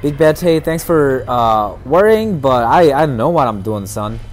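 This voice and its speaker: A man's voice: medium pitch, animated, measured pace, a little hiss or hum. A man streaming a shooter game, chatting casually with viewers and trash talking opponents. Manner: playful trash talk to chat. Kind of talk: casual gameplay commentary.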